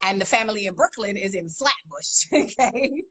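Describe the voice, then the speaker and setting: This is a woman in her forties with a South London accent, talking over a video call in a casual interview. She tells stories in a lively, chatty way, laughs often and repeats herself for emphasis. Her voice sits at a middle pitch for a woman. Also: moderate pace, husky, low-quality recording. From South London, England. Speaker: interview guest, rap pioneer.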